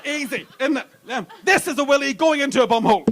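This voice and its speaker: A brash male comedian working a comedy club crowd with crude, punchy storytelling. His voice sits notably high for a man. Clear audience noise hangs behind him in the live room. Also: fast. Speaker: stand-up comedian. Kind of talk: stand-up comedy set.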